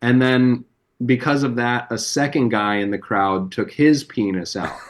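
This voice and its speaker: A comedian on a podcast, telling rambling, profane anecdotes with plenty of fillers. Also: male voice, mid-range voice, measured pace. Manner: loose, profane storytelling with many fillers. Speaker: comedian guest.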